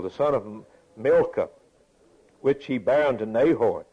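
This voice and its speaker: A man's voice: mid-range voice, expressive, a little slow, long pauses, slightly rough. A man preaching a sermon, reading scripture aloud and explaining it in a folksy way, repeating his phrases for emphasis. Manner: folksy, repeats phrases, chuckles between points. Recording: dull lo-fi recording.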